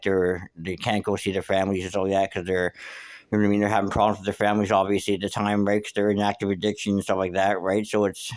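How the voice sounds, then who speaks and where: A podcast host with a lowish, clean-toned voice delivers a casual monologue, wandering through a street story packed with swearing and filler words.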